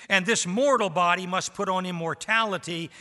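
A man's voice: high voice, moderate pace, bright, forceful tone. A man preaching a sermon as pastor, with rising emphasis and rhetorical questions to the congregation. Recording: reverberant hall.

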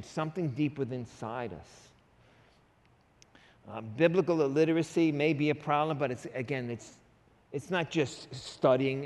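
A man's voice: medium pitch, a little mellow. A man preaching a sermon as a pastor, with a pleading, conversational way of talking and frequent asides. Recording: reverberant hall.

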